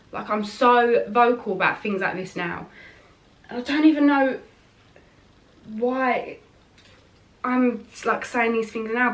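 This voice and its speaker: A woman's voice: medium pitch, fairly bright tone, distant mic. A woman chatting frankly and casually while doing her makeup, rambling with fillers. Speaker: beauty vlogger.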